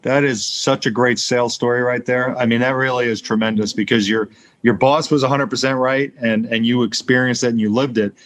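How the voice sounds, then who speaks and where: A man's voice: medium pitch, fairly even intonation, a little fast, no echo. A man hosts a podcast, agreeing readily and chatting with plenty of fillers. His voice is recorded close and dry, with no room sound. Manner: affirming, frequent agreement, filler-heavy. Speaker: podcast host. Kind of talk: casual interview chat.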